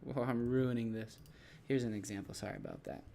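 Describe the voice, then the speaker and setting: A man's voice: medium pitch, big pitch swings, brisk, vocal fry, warm tone. A man who teaches English, casually explaining his classroom activities to other teachers in a loose, rambling way with frequent restarts.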